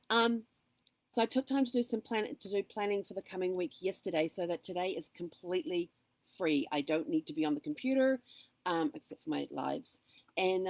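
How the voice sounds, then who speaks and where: A woman's voice: fairly low pitch, a little mellow, dry recording. A woman chatting casually and upbeat on a live stream, with frequent ums and asides, talking into a phone. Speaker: vlogger.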